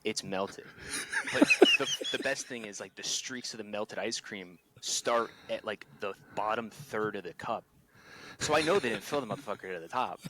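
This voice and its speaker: Young guy in his twenties on a podcast, kinda low voice, rambly story with lots of swearing. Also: sharp tone. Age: 20s. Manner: loose storytelling, swears freely, laughs easily. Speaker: podcast guest. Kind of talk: casual chat.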